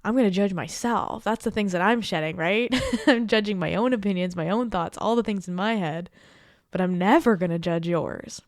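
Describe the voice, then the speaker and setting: A woman's voice: mid-range voice, moderate pace, no room sound. A woman in her thirties hosts a heartfelt, casual podcast as a coach. She talks in an encouraging, chatty way, keeps asking "okay?" and "right?", and breaks into easy laughs. Her mid-range voice sits close on a dry mic with no room sound.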